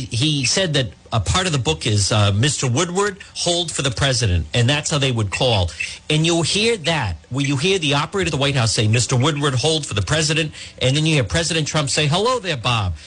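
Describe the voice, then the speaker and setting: A man hosting a political talk radio show, explaining his points at length to a caller in a husky voice. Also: a little high, rough recording. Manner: animated, addresses caller by name, explains at length.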